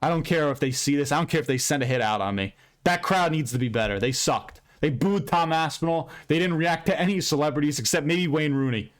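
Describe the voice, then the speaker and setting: A man giving a casual, profane and rambling recap of a fight card, with bursts of excitement. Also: fairly high pitch, fairly quick. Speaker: MMA commentator recapping fights.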